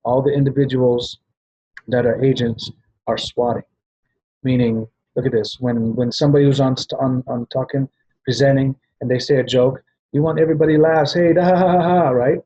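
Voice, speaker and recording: A man's voice: mid-range voice, level tone, moderate pace, mellow, slightly rough, highs cut off. A man giving a rambling training talk to sales agents, often restarting and checking in with "right?". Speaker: business trainer at a travel party.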